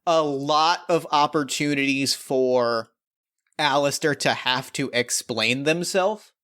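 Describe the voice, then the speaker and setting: A man's voice: mid-range voice, slow pace, pushed and bright. A man playing a tabletop role-playing game, chatting enthusiastically and rambling about his dice and moves. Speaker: player. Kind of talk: tabletop game play, casual.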